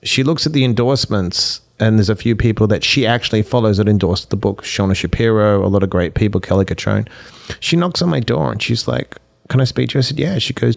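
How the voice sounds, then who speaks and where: Gravelly man telling stories in conversation. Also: on the low side, brisk. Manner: tells stories acting out both sides of the dialogue. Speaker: podcast guest, speaker and life coach. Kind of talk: animated storytelling in conversation.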